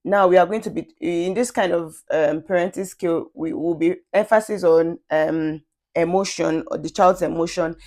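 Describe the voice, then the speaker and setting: A woman's voice: fairly low pitch, darkish tone. A woman vlogger talking through her views in a casual, thoughtful monologue, often restarting sentences and adding conversational asides. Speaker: parenting vlogger.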